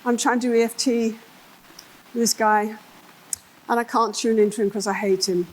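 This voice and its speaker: Animated English woman telling therapy stories. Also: a little high, normal speed, low-quality recording. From England. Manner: animated, acts out voices in her stories. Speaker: therapist giving a conference talk. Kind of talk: conference keynote storytelling. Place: conference hall.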